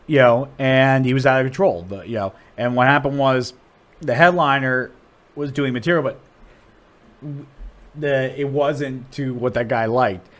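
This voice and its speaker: A man from Ohio, a comedian, chatting casually on a podcast and telling stories with a lot of restarts and swearing. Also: measured pace. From Dublin, Ohio, USA. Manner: animated storyteller, voice jumps high and loud when acting out people. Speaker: comedian guest.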